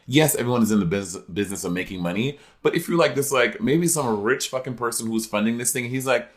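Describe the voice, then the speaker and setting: A man co-hosting a podcast, telling stories in lively casual chat with swearing. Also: mid-range voice, fast. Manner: storytelling, animated, swearing. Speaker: podcast co-host.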